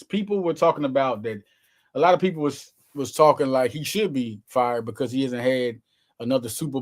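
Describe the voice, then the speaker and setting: Lively, excitable man talking sports. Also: mid-range voice. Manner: excited, emphatic, slangy, talks straight to viewers. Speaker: sports show host. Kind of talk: casual sports commentary.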